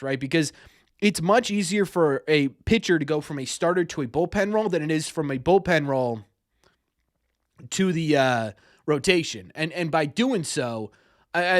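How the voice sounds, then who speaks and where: A young man, a sports podcast host, has a fairly high voice as he hosts a relaxed sports live stream. He rambles through viewer questions, regularly tripping over and repeating words, on a dry, clean studio recording.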